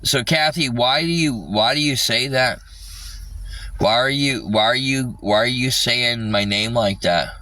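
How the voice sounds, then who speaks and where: A man rambling in casual livestream chat, swearing often and halting with lots of fillers. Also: medium pitch, sharp tone, distant mic.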